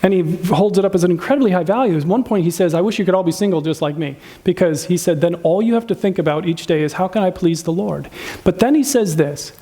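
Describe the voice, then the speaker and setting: A pastor preaches on relationships at a quick pace, his high voice dark in tone. Conversational in manner, he questions the congregation and acts out spouses' complaints loudly.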